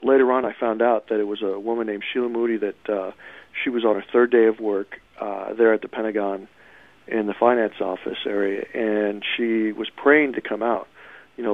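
A man recounting what he lived through in a halting way, with frequent fillers and restarts. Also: lowish voice, steady tone, no room sound. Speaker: interviewee recounting an event. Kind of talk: personal account. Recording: tinny phone-line sound.

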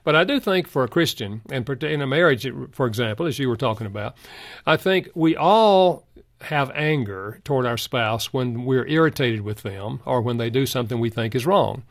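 An older man speaks as a guest on a Christian radio talk show, his voice gravelly with a mid-range pitch. He tells personal stories earnestly and plainly. The studio sound is close and dry. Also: expressive, normal speed, dry recording. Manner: earnest storytelling. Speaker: guest counselor. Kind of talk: radio interview, Christian advice.

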